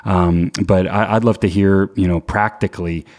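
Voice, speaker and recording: A man in his thirties hosting a chat, asking reflective questions in a halting way with many fillers. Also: sits low, fairly even intonation, a little mellow. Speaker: host. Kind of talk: casual chat.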